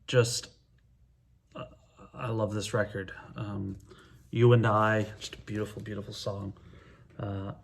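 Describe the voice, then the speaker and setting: A middle-aged man talking casually to camera as a music vlogger, counting down his favorite records in an easygoing, enthusiastic way with frequent hesitant pauses. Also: lowish voice, little pitch movement.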